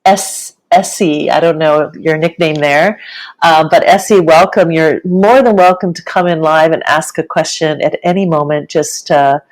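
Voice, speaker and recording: A woman co-hosting a casual live-streamed chat, speaking in a relaxed way with many fillers and welcoming viewers. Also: deep voice, a little slow, low-quality recording. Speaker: co-host, ceremony facilitator.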